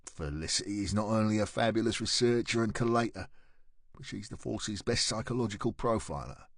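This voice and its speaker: A man voicing a weary older male police chief who speaks low and pleading. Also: fairly quick, dry recording, studio quality.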